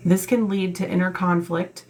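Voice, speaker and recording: A woman of Italian heritage does a casual tarot reading, speaking the card meanings aloud and then cutting in with blunt, emphatic remarks full of swearing. Her voice sits on the low side, dark and steady, at a normal pace.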